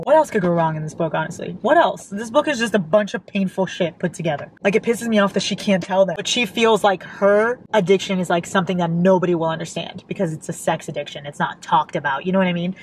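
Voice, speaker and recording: Young woman, book vlogger, reading aloud, emotional exclamatory reactions, mid pitch. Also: lively intonation, fast talker, few pauses, a little hiss or hum, poor audio.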